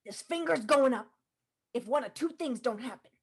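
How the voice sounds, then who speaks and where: A husky, gravelly mother with a high voice, blunt and hard to impress, as a woman acts her out. She scolds her grown child in a live improv comedy scene, flat and unbending. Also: normal speed, full character voice. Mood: stern.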